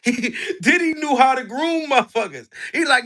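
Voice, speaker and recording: A man doing crude, animated commentary on a live stream, hyping up his chat. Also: extremely high pitch, normal speed.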